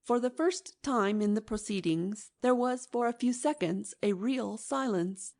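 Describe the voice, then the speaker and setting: A woman's voice: fairly high pitch, unhurried, a little mellow. Woman narrating a classic novel. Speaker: audiobook narrator. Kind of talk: scripted narration.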